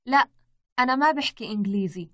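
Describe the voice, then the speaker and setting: A young woman playing a Syrian woman in a language course dialogue, giving brisk, plain replies. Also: on the high side, expressive, fairly bright tone. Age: young adult. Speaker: model speaker in language course.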